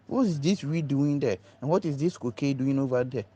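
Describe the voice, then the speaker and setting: A man telling an animated first-person story, acting out quoted dialogue and often repeating words. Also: brisk, hardly any pauses, lo-fi sound. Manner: acts out quoted dialogue, pitch jumping high on exclamations. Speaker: storyteller recounting an ordeal.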